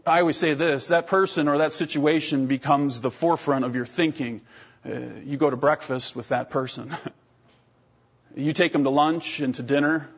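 A man in his thirties preaching a sermon as a pastor, telling lively stories with self-deprecating humor and often clearing his throat. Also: fairly high pitch, normal speed. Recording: dull lo-fi sermon recording.

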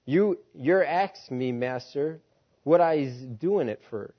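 A man's voice: on the high side, lively intonation, takes it slowly. Guy doing a humble devoted field preacher, earnest and pleading, folksy talk, muffled audio.

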